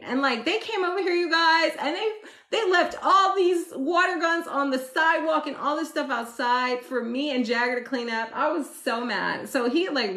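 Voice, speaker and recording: A woman hosting a casual astrology live stream, loud and chatty, laughing often as she tells stories and answers viewers. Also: fairly high pitch, a little fast. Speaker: astrology livestream host. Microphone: phone. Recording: roomy echo.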